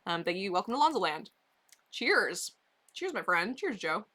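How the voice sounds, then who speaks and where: A woman's voice: medium pitch, very animated, moderate pace, pushed and bright. A woman livestreamer chatting casually with her viewers from a basement bedroom, rambling with lots of "um"s and "like"s.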